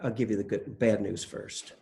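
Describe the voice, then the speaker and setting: An older man giving a relaxed, conversational dharma talk as a meditation teacher, telling stories with small hesitations. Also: fairly low pitch, moderate pace, gravelly. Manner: relaxed, conversational, self-deprecating storytelling with hesitations.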